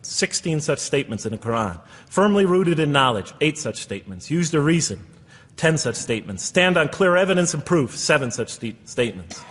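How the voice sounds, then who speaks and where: An earnest man lectures an audience and poses one rhetorical question after another. His voice sits fairly high with a breathy, husky edge. The sound rings with a long reverb from the hall. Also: big pitch swings, normal speed, a bit bright. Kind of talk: public lecture.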